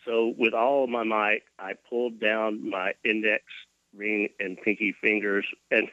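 A man's voice: on the low side, little pitch movement, measured pace, bright, forceful tone, no echo, highs cut off. A man from Mississippi, recovering from a near-death scare, telling his story with folksy self-deprecating humor as an interview guest. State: recovering from cardiac arrest.

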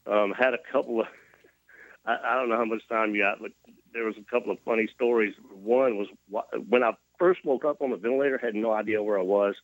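A man with a lowish voice tells his story in a folksy, joking way, poking fun at himself. The sound is dry and a bit muffled, as if it came over a remote link. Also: steady tone, a little fast, no echo. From Mississippi, US. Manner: folksy, joking, self-deprecating. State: recovering from cardiac arrest. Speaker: guest. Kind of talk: casual storytelling interview.

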